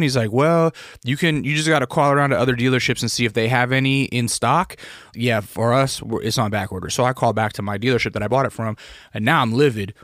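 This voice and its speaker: A young man in the middle of a casual story, swearing freely as his frustration builds into sharp, loud outbursts. His voice sits in an ordinary middle range. The sound is dry and close, with no room echo. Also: mid-range voice, fairly even intonation, fast. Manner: profane, exasperated, rising to shouted outbursts when quoting himself.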